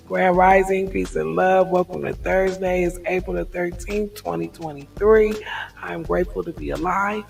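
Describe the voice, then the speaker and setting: This frank, rambling vlog has a woman reflecting candidly, laughing off stress as she goes, her gravelly voice fairly low with a good deal of fry. She speaks at a moderate pace with fairly even intonation. The distant mic gives a rough recording with faint music behind her.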